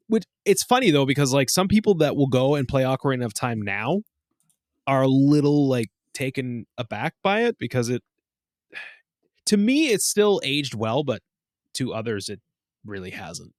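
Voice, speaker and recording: A man in his thirties co-hosting a casual podcast, telling animated stories with lots of swearing. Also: moderate pace, dry recording, clean studio sound. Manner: animated storyteller, swears, acts out quotes in high voices. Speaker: podcast co-host. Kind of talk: casual chat.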